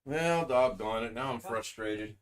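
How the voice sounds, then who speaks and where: A man runs his live stream in a folksy, joking way. His pitch sits in the middle of the range, and he talks into a desk microphone. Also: a little slow. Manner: folksy, joking, says "doggone". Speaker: livestream host. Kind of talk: casual chat. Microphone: desk USB microphone.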